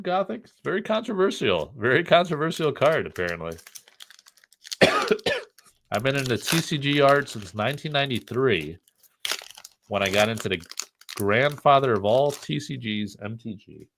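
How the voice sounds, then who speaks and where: A man's voice: medium pitch, big pitch swings, normal speed, fairly bright tone, slight background noise. Middle-aged guy from the US, rambling stream host, jokey, bouncy voice. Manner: joking, rambling, reads chat aloud. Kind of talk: casual live stream chat.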